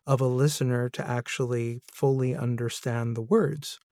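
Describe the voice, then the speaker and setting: A man of middle pitch hosts a podcast conversation, reasoning aloud in a thoughtful, easy way. The mic is close and dry, with no room sound. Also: steady tone, normal speed, warm tone, dry recording. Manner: thoughtful, talks through questions, light laughs. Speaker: podcast host and audiobook narrator. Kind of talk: podcast interview.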